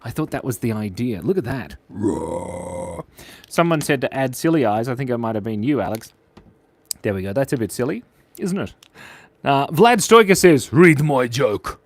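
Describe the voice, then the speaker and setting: Chatty, laughing livestream host. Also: male voice, medium pitch, big pitch swings, brisk. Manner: joking, rambling, often laughs. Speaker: channel host and animator. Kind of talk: casual livestream chat while drawing.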